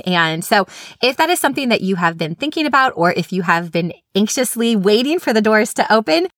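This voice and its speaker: A woman's voice: medium pitch, a bit bright, no echo, studio quality. A woman, hosting an upbeat, chatty teaching podcast. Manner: enthusiastic, chatty. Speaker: podcast host, literacy specialist.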